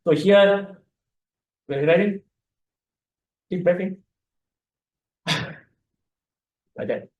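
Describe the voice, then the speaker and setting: Malaysian guy doctor explaining breathing stuff, kinda high voice, lots of room echo. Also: measured pace, long pauses, darkish tone. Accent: Malaysian English. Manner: explanatory, repeats words, demonstrates breathing and huffing. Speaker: doctor giving a lecture. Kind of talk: informal health lecture with demonstration. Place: lecture hall. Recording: echoey lecture room.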